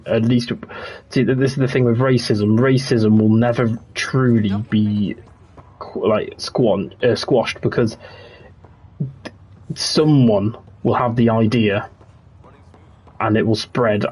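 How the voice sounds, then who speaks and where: A young man streaming a game, chatting in a relaxed, rambling way and answering his chat as he plays. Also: fairly low pitch, takes it slowly, breathy edge. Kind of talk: casual livestream chat.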